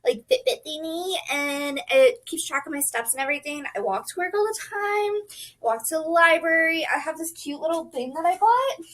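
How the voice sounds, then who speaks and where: A young woman chatting casually to camera as a book vlogger, bubbly and excitable, full of "like" and "um". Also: very high-pitched, moderate pace, poor audio.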